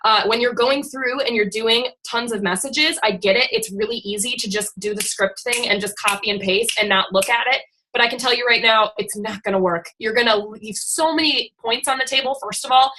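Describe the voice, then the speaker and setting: A woman with a bright, forceful voice pitched a little high leads her team through a call. She is blunt and chatty, with some casual swearing. The sound comes through a video call. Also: poor audio. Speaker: fitness team coach.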